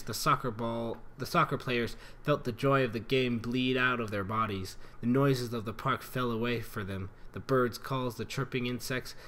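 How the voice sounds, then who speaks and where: A man's voice: medium pitch, fairly bright tone. A man reading fan fiction aloud in an earnest, dramatic way, stumbling over words and rereading lines. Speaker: reader.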